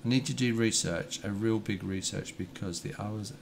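Man streaming a game, deep gravelly voice, chatty, noisy mic with keyboard typing behind. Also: fairly even intonation, moderate pace. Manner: chatty, thinks aloud, many fillers. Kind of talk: casual chat while playing. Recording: noisy home stream audio.

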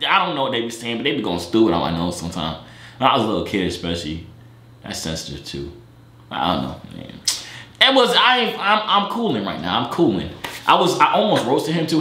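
A man's voice: huge pitch swings, brisk, echoey room. A young man bantering and teasing strangers in a casual online video chat. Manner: loud, teasing, swings between high and low pitch. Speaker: YouTuber chatting with strangers on video calls.

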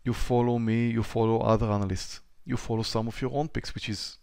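A man teaching a live trading webinar in a smooth, resonant voice, recorded close and dry. He speaks straight to his students and repeats his phrases for emphasis. At times he acts out a trader's racing thoughts with rising excitement. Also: medium pitch, fairly quick, no echo. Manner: repeats phrases, direct to the audience. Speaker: trading instructor.

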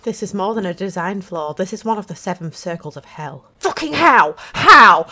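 A woman gamer at home giving frustrated commentary on a game, swearing and shouting often. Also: fairly high pitch, animated, takes it slowly, slight background noise. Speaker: let's play gamer.

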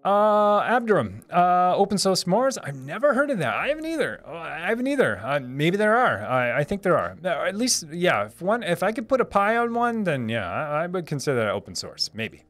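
A man's voice: sits high, sing-song, brisk, hardly any pauses, fairly bright tone. A man in his thirties hosting a casual live stream, reading viewer comments aloud, chatty, laughing often and repeating words as he restarts sentences.

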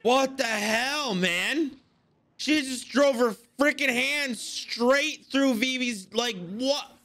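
Excitable man reacting to anime, very high bright voice, lively swings, frequent swearing. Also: slow. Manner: excitable, swearing, exclaiming at the screen. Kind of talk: casual reaction commentary.

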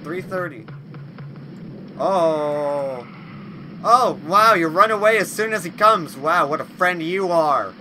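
A man playing a horror game on video, who talks to it and shouts at the monsters in a high voice that leaps all over the place. He mostly speaks slowly and draws out his words. A steady noise sits under the recording. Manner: loud, excitable, yelling insults at game monsters. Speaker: gaming video host. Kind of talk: let's play commentary.

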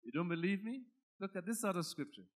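A male pastor preaching a sermon with emphatic delivery, moving from hushed asides to loud, shouted climaxes. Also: high voice, expressive, fairly quick.

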